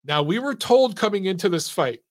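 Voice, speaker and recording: A man's voice: sits high, lively intonation, a little fast. A man hosting a casual boxing analysis show, talking emphatically with repeated rhetorical questions while walking through a clip. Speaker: boxing commentator and show host.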